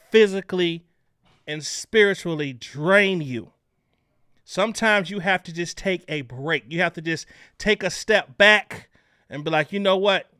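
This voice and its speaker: A man hosting a casual livestream chat, loud and animated as he greets viewers. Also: high-pitched, clear, resonant tone, dry recording, studio quality. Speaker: livestream host.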